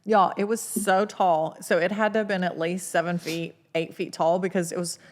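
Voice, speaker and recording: A woman from southwestern Oklahoma with a Southern drawl, co-hosting a casual podcast chat and telling animated stories. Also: on the low side, normal speed. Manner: animated storyteller, acts out relatives' voices. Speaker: podcast co-host.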